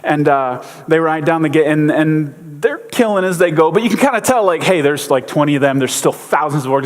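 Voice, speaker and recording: A man giving a casual sermon, a chatty, joking storyteller with lots of fillers. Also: fairly high pitch. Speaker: pastor. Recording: long hall reverb.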